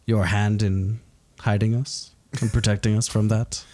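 A man's voice: lowish voice, little pitch movement, measured pace, mellow, natural voice. A man voicing a courteous male superhero who speaks formally and apologetically. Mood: polite. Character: polite grown male costumed superhero.

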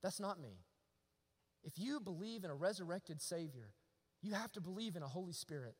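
A man, preaching a sermon that swings from loud declarations to hushed, quiet passages. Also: sits high, lively intonation, normal speed, breathy edge. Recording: long hall reverb.

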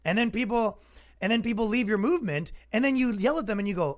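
High-voiced man on a sarcastic rant. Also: animated, fast. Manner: exasperated, sarcastic, acts out quoted voices. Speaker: comedian podcast host. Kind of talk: casual comedic rant.

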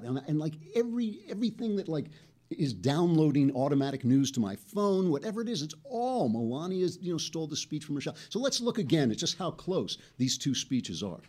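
A man hosting a casual political commentary show, talking in an animated, chatty way and laughing between points. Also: fairly high pitch. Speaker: host.

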